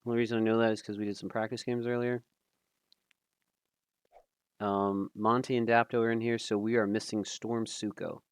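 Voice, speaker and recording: A man casually commentating a live stream, thinking aloud with fillers, self-deprecating and quick to laugh. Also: on the low side, level tone, clear, resonant tone, no echo, clean studio sound.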